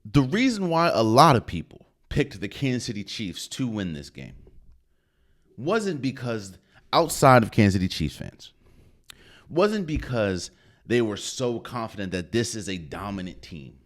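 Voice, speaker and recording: A man's voice: on the low side, big pitch swings, unhurried. A man hosting a podcast, giving emphatic solo sports commentary and repeating phrases for effect. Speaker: podcast host.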